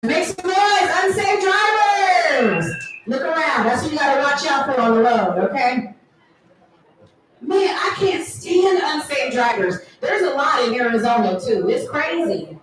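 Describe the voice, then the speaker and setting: A woman's voice: high voice, lively intonation, moderate pace, background noise. A woman in her thirties doing a playful stand-up comedy set with teasing crowd work at a live event. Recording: echoey room, from far off.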